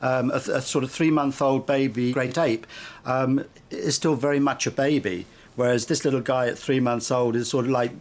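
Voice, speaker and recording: A man's voice: medium pitch, fairly even intonation, normal speed. A man working as an animal keeper, talking casually in an interview, hesitant and full of restarts.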